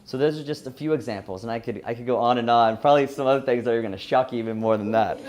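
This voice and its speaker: A man's voice: mid-range voice, racing, few pauses, darkish tone. Earnest Southern man. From Louisiana. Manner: earnest, restarts often, laughs at himself. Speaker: speaker. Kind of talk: personal story talk.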